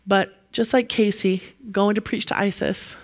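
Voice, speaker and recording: A woman preaching a sermon in an animated storytelling way. She acts out the people in the story and laughs as she goes. Her voice sits at a medium pitch. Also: measured pace.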